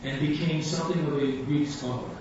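A man's voice: a little high, steady tone, a little fast. A man preaching a sermon, telling a story with animation and acting out the voices of the people in it. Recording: echoey hall, distant mic, dull sound, faint room hum.

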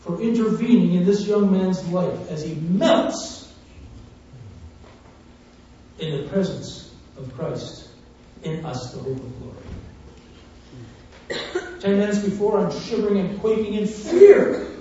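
Fervent preacher in an echoey hall. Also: male voice, sits high, big pitch swings, slow pace, long pauses. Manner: fervent storytelling, swinging from hushed to loud. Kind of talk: sermon testimony. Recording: muffled, echoey, distant church recording.

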